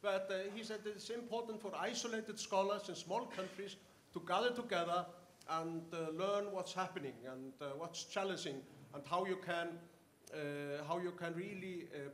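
An older man from Iceland, a professor telling anecdotes in an interview, halting with many fillers and restarts. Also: sits high, fairly bright tone, a little hiss or hum. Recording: echoey room, faint ambience.

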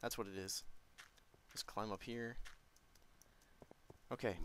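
A man narrating his own game play in chatty commentary, jumpy and quick to yelp and laugh. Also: fairly low pitch, fairly even intonation, fairly bright tone, slight background noise. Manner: chatty, jumpy, yelps and laughs when startled. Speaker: let's play gamer.

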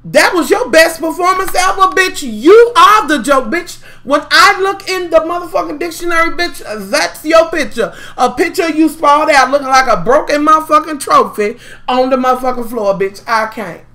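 Brief: female vlogger, sharp bright tone, foul-mouthed gossip rant with mocking drama. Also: high voice, lively intonation, moderate pace. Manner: profane, sassy, heavy swearing. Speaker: vlogger recapping a reality show.

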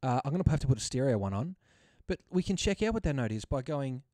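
A man's voice: mid-range voice, very animated, fast, dark tone, no room sound, clean studio sound. A man hosting a music reaction stream, chatting casually and enthusiastically about vocal tracks, often laughing. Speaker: host reacting to multitrack stems.

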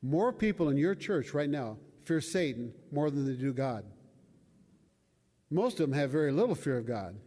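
With a long hall reverb around him, an older man preaches in a sing-song, mellow voice that sits fairly high and moves at a moderate pace. His sermon feels conversational, full of questions for the audience.

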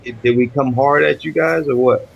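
Gravelly dude ribbing a buddy, dull lo-fi mic. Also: male voice, mid-range voice, steady tone, normal speed. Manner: teasing, trash-talking. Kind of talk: casual profane chat.

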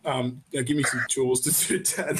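A man's voice: mid-range voice, a little slow, very noisy. A man hosting a casual interview, asking blunt, joking questions and often stumbling over and repeating his words. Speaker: host interviewing a guest. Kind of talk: casual, crude interview chat.

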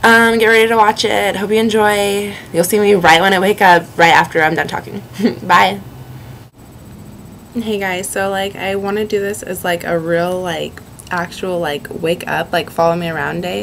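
A woman's voice: mid-range voice, steady tone, moderate pace, gravelly, fairly bright tone, a little hiss or hum. A woman chatting casually to camera in her bedroom, giggling often and saying "like" a lot. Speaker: vlogger. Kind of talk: casual chat.

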